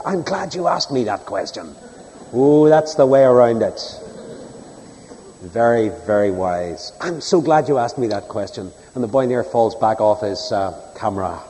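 Earnest preacher in reverberant hall. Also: male voice, fairly low pitch. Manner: earnest, storytelling, shifts between loud emphasis and soft hush. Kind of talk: sermon.

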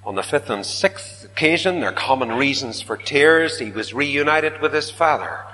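A man preaching to a congregation, his voice rising to loud declamations and then dropping to near whispers. His pitch sits in a middle register, and a long reverb trails every phrase through the hall. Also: lively intonation, moderate pace. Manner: dramatic, swinging from loud declaiming to hushed whispers. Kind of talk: sermon.

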